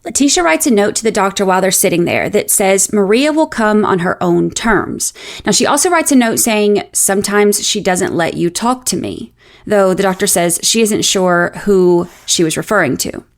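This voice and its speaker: A woman narrates a true-crime case in a measured, explanatory way. Her voice sits at an ordinary middle pitch, and her delivery is scripted and even, with a dry, sardonic edge now and then. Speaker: podcast host.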